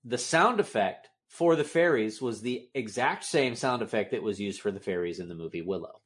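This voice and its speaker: A man's voice: fairly low pitch, normal speed. A man co-hosting a movie-review podcast, ranting with exasperation about the film's silly moments. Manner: animated, exasperated rants. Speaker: podcast co-host. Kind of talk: casual movie-review chat.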